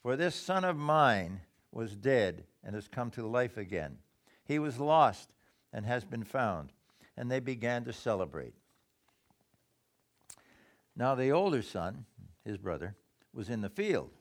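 A man preaching a sermon, reading scripture aloud and explaining it, swinging between loud emphasis and quiet low asides. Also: big pitch swings, a little slow, long pauses.

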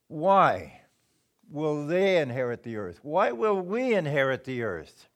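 A man preaching a sermon in a slow, deliberate way, pausing often and clearing his throat now and then. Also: a little high, sing-song.

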